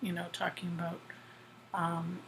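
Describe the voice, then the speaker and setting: Bright gravelly-voiced woman co-host. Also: lowish voice, little pitch movement, slight background noise, rough recording. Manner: thoughtful, agreeable, slow musing. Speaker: podcast co-host. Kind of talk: casual recap chat.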